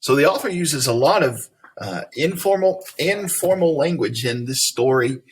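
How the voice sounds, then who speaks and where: A man's voice: fairly high pitch, animated, moderate pace, husky. A man from Tennessee with a Southern accent, teaching a reading lesson in a folksy way and asking leading questions. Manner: folksy, explains then asks leading questions.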